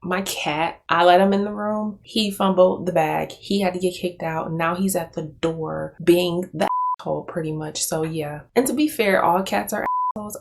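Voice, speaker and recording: A woman's voice: lowish voice, slight background noise. American woman, reaction commentary, chatty, incredulous, laughs a lot, recorded at home. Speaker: commentary youtuber. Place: room at home with a cat nearby.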